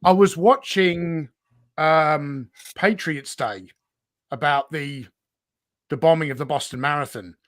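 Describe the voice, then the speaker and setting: A man's voice: fairly high pitch, slow, a bit bright. A man guesting on a casual livestream, candid and self-deprecating, laughing often. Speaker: guest toy channel host.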